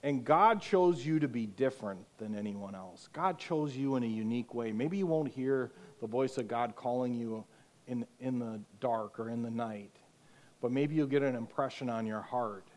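A man's voice: mid-range voice, normal speed. A man preaching a sermon to a youth group, telling stories and acting out the people in them with rising emphasis. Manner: animated storytelling, acting out quotes loudly. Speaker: youth pastor.

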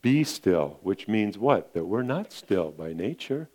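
A man's voice: fairly low pitch, very animated, takes it slowly, few pauses, warm tone. A male pastor preaching a sermon in an earnest, repetitive way, often calling his listeners friends.

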